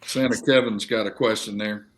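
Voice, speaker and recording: A man's voice: fairly low pitch, fairly even intonation, moderate pace. A man reading out viewer questions to the guest in a plain, matter-of-fact way.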